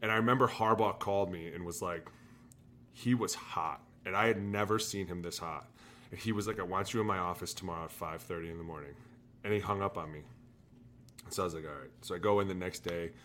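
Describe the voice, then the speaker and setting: A man, a former football player, telling animated locker-room stories on a casual podcast, shouting out the lines he quotes. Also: deep voice, a little hiss or hum. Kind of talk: casual storytelling chat.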